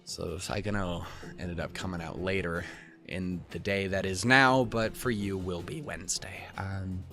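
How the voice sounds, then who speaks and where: A man's voice: sits low, steady tone, a little slow, bright, forceful tone, faint music behind. A young man hosting a let's play, reading a visual novel aloud with casual, profane, rambling and self-mocking asides. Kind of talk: casual gameplay commentary with read-aloud dialogue.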